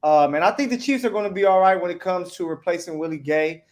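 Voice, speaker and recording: A man co-hosting a sports podcast, adding relaxed, agreeable commentary. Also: high-pitched, quick pace. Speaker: podcast co-host. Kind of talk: casual sports chat.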